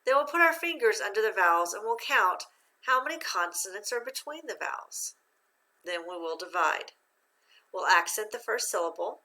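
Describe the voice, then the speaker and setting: A woman teaches a phonics lesson on dividing words into syllables, moving slowly and patiently, asking questions and praising the listener. Her mid-range voice is animated and sharp in tone.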